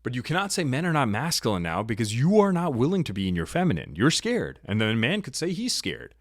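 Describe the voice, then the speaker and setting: A man hosting a talk show, giving an opinionated monologue in an assertive, lecturing way that swings in pitch and loudness. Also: wildly swooping pitch, fast, dry recording, clean studio sound. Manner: assertive, lecturing, shifts pitch and volume often. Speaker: podcast host.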